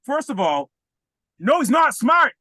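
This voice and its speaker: Guy doing a whiny weepy pundit dude, high shrill rant. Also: very animated, unhurried, bright, forceful tone, no room sound, exaggerated voice. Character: whiny, weepy self-important male pundit.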